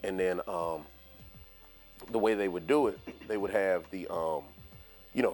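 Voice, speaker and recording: A man's voice: low voice, a little slow, pauses often, a little mellow, soft background music. A man hosting a casual sports podcast, rambling through his points with many fillers and frequent laughter. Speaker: podcast host.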